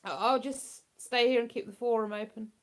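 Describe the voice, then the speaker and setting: A woman's voice: a little high, steady tone, normal speed. A woman hosting a casual livestream from home, chatting in a rambling way and laughing easily. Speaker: livestream host. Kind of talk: casual live chat.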